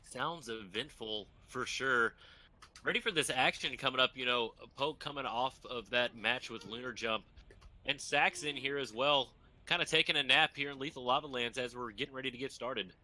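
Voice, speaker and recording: Bright-voiced male speedrun commentator. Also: mid-range voice, normal speed. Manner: upbeat, hype-building, talks to chat and runner. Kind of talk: live esports commentary.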